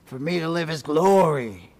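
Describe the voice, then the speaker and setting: A boastful Roman soldier in chainmail scoffs in a raised, high-set voice, as a man acts him out from the pulpit. The sound rings with the long reverb of a large church. He is proud and contemptuous. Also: animated, normal speed, darkish tone. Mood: scornful.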